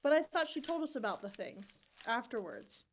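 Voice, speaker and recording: High-voiced joking woman player. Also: very animated, slight background noise. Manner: joking, quick asides, laughs at own puns. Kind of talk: in-character tabletop role-play chat.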